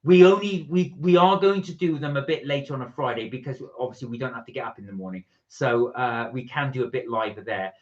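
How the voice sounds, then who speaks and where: A man's voice: medium pitch, a little fast, hardly any pauses. A man co-hosting a live stream, chatting casually and reading viewer comments aloud. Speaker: livestream co-host. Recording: dull lo-fi stream audio.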